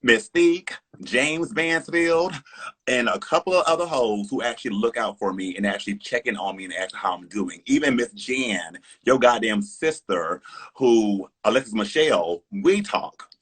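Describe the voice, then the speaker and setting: A man's voice: medium pitch, animated, moderate pace, a bit bright, slightly rough. A man, a drag performer, ranting defiantly on a live stream, sassy and heated, swearing often and calling listeners honey.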